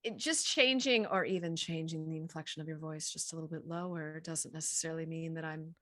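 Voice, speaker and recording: A woman with a Midwestern American accent, a film acting coach, giving advice in a casual panel chat with an animated, instructive manner. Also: low-pitched, a little fast, no room sound, studio quality.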